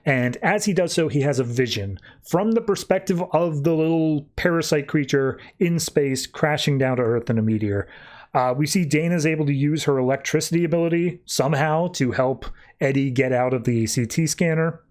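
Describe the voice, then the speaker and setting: A man's voice: a little high, moderate pace, darkish tone. A man hosting a podcast, casually recapping and reviewing a comic book with lots of "uh" and "like". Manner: retells scenes breezily, with lots of "uh" and "like". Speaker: podcast host.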